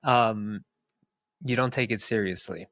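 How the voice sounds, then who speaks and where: A man's voice: on the low side, unhurried, a bit bright, no echo, clean studio sound. A man co-hosting a podcast, speaking earnestly and reflectively, repeating words for emphasis. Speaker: podcast co-host. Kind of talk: reflective casual conversation.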